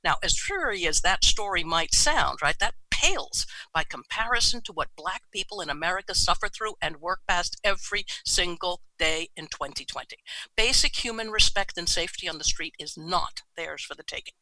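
A New York City man in his seventies reflects on his life story, often adding "right?" to check in. His voice sits high, bright and forceful, expressive at normal speed, on a dry but rough recording.

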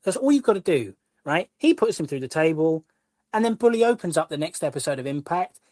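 A man, a guest co-host and wrestling columnist, ranting in an animated, exasperated way during casual podcast chat. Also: a little high, a little fast, dry recording.

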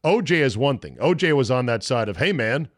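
A man's voice: medium pitch, big pitch swings, fairly quick, no echo, clean studio sound. Blunt, profane man hosting a podcast. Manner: blunt, profane, sarcastic, mocking voices in quotes. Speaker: podcast host. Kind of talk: opinionated sports talk monologue.

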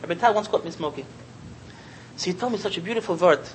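A man giving a Torah talk as a sermon, an animated storyteller who repeats phrases and chuckles often. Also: high voice, fast, slight background noise, low-quality recording. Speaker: Torah teacher.

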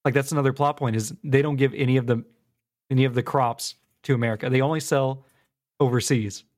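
A man's voice: mid-range voice, steady tone, fairly quick, a little mellow. Easygoing man recapping plots casually. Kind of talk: casual chat.

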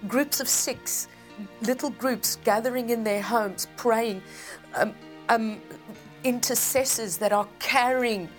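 A woman hosting a Christian talk show, warmly affirming her guest and speaking directly to her viewers. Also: fairly high pitch, slow pace, soft background music.

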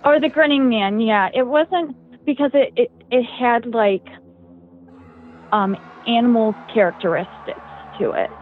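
A woman's voice: on the high side, unhurried, a little hiss or hum. Tinny-sounding young woman rambling casually. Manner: rambling, heavy use of "like" and "um". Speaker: guest storyteller. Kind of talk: casual podcast chat. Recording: tinny phone-like dry sound.

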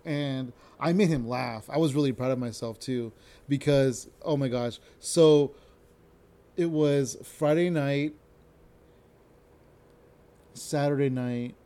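A man's voice: mid-range voice, dark tone. A young adult man hosting a podcast, telling a rambling, self-interrupting story with casual swearing. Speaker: podcast host.

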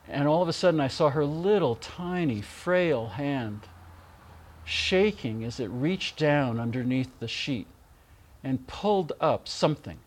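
A middle-aged man gently and warmly telling personal stories in a remembrance talk, with soft pauses. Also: mid-range voice. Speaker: speaker giving a spiritual reflection.

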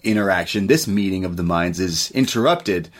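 A man's voice: low-pitched, lively intonation, moderate pace. A man co-hosting a movie review chat, retelling scenes animatedly, swearing freely and slipping into quoted voices. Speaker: co-host of a movie review show. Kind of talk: casual chat.

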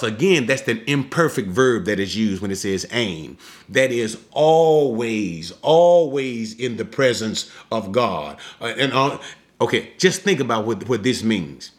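Man, preacher, teaching sermon, slow and deliberate, animated pitch, emphatic. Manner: emphatic, slows down to explain.

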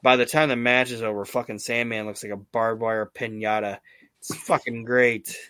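Male podcast host, mid-pitched, swearing and rambling with excitement, dry close sound. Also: moderate pace, smooth, no echo. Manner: profane, enthusiastic, rambling with restarts. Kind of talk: casual wrestling podcast chat.

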